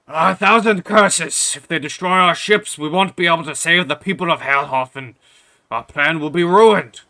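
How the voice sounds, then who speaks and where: A man voicing an aging, stern king who is quick to rage, with a grave, heavy way of speaking. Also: medium pitch, fairly even intonation, pushed and bright. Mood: furious.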